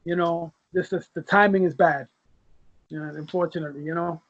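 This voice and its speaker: A man with a fairly high voice speaks as a guest on a comic book discussion. His audio sounds dull and lo-fi. He laughs often and repeats words while he gathers his thoughts. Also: steady tone, brisk, a bit bright.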